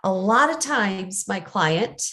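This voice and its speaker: A woman's voice: medium pitch, expressive, slow pace, sharp tone. A middle-aged woman coach giving an earnest, conversational teaching talk, acting out small everyday scenes as she explains. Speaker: ADHD coach.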